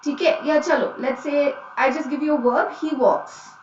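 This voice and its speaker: A woman's voice: high-pitched, fairly even intonation, fast, a little hiss or hum. A woman with an Indian English accent teaching an online grammar lesson, mixing in Hindi and checking in with her class often. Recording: dull, echoey, a bit distant.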